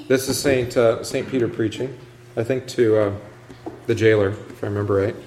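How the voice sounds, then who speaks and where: A man's voice: mid-range voice, steady tone, normal speed, darkish tone, a little hiss or hum. A man, a pastor, teaching a Bible study class in a conversational way and asking the group questions. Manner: conversational, asks questions, many restarts.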